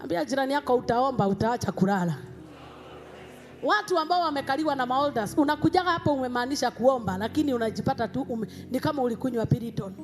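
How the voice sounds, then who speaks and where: A Kenyan woman pastor delivering an emphatic sermon in a church, rising to shouts. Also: sits high, lively intonation, racing, faint music behind.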